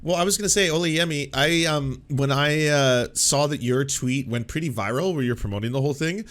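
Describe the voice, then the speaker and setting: A man's voice: a little high, brisk, a bit bright. A man hosting a casual online panel chat, telling stories with animation and laughing often. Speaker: podcast host.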